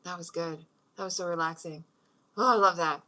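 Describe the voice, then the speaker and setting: A woman's voice: lowish voice, fairly even intonation, fairly quick, pushed and bright. A middle-aged woman hosting a meditation talk at home, chatting casually and rambling, with frequent laughs. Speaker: host leading a meditation practice. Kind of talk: casual spoken talk with guided breathing.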